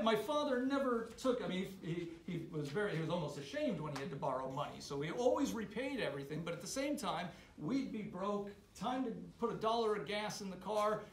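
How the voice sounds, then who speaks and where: A man telling a funny family story to a club audience, animated and halting, with many restarts. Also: sits high. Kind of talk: casual spoken storytelling. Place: meeting room. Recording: roomy hall sound, faint noise.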